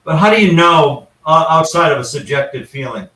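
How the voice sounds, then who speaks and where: A man with a slightly raised pitch tells paranormal stories in a loose, rambling way, often restarting his sentences. He sits well back from the mic. The room around him sounds echoey. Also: expressive, brisk, pushed and bright, far from the mic. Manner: rambling, with frequent restarts and asides. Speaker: guest paranormal investigator. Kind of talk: casual anecdotal storytelling.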